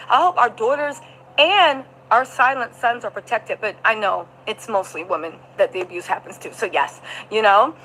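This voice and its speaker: Emphatic woman streamer, bright high voice, faint hum behind. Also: moderate pace, low-quality recording. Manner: animated, emphatic, talks to chat. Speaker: vlogger recapping a trial. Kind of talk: livestream commentary.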